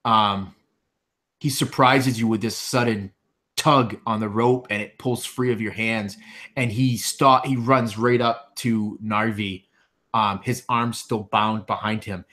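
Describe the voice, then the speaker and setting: Man with a low voice narrating a game. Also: steady tone, slow, a bit bright. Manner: loose, filler-heavy narration. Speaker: game master.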